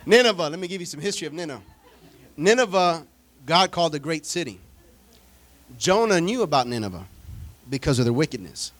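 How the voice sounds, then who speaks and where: Slightly high and sing-song, the pastor's voice moves fairly quickly yet leaves long pauses as he preaches. His storytelling swings dramatically between loud pronouncements and hushed asides, broken up by humorous remarks addressed to his congregation.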